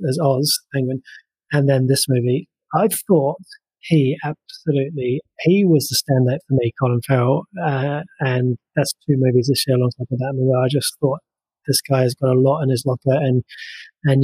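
A man's voice: mid-range voice, mellow, husky, dry recording. A man co-hosting a casual film review podcast, chatty and enthusiastic, with frequent fillers and restarts.

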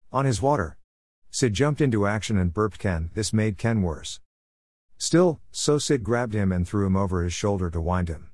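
Low-voiced man reading a story. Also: darkish tone, no echo, studio quality. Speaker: narrator.

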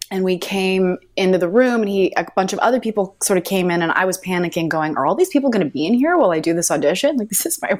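A woman in her thirties, an actress telling audition stories in an interview, chatty with halting restarts. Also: mid-range voice. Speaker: actress guest. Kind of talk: casual interview anecdotes.

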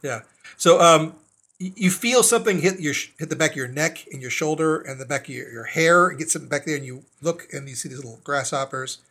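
A man running a tabletop horror game as game master, describing scenes in a halting way with frequent restarts. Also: on the high side, fairly bright tone. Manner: hesitant, with many fillers and restarts.

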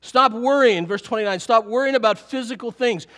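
A middle-aged man preaching a sermon to a congregation, lively and animated, often chuckling. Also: extremely high pitch, brisk. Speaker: pastor.

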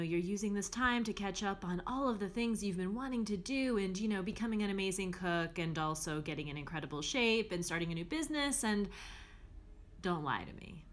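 A woman's voice: mid-range voice, a bit bright. A young adult woman hosting a podcast as a life coach, talking casually and frankly with frequent fillers and the odd swear word.

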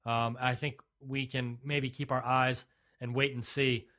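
A man's voice: mid-range voice, little pitch movement, a little slow, pushed and bright. Blunt, opinionated male podcast co-host. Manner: opinionated and blunt, with frequent restarts. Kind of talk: casual sports chat.

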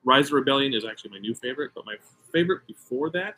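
A man's voice: mid-range voice, expressive, racing, pushed and bright. A middle-aged American man and podcast co-host, telling a story in casual chat with emphatic, self-mocking energy.

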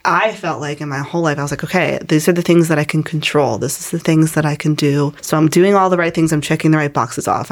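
A woman in her twenties, a guest telling her personal faith story in a casual, earnest way, with many "like"s. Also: sits low. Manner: casual and earnest, heavy use of "like".

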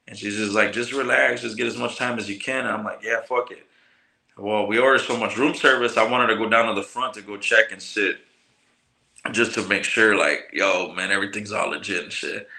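A man from telling a long story in casual, profane slang, acting out the people he quotes. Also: lowish voice. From Michigan, US. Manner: profane, slangy, animated retelling with quoted voices. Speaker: podcast guest, cannabis grower. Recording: roomy echo.

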